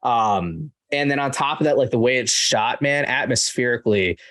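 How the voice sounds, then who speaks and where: A man hosting a casual film podcast, talking in an animated way and saying "dude" and "like" often. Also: mid-range voice, moderate pace. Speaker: podcast host. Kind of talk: casual chat.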